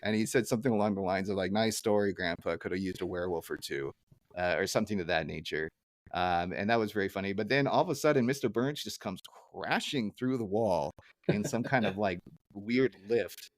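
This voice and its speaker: A man co-hosting a casual podcast, recapping a cartoon episode with lots of fillers and quick jumps into silly character voices. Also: dry recording. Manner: rambling, many fillers, breaks into silly high character voices when quoting. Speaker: podcast co-host.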